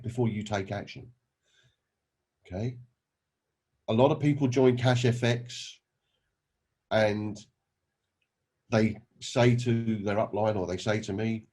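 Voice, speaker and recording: Brief: male motivator, earnest, husky voice, mid pitch. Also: normal speed, pauses often, darkish tone. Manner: earnest, rhetorical questions and anecdotes. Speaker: network marketing recruiter. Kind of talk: motivational talk with storytelling.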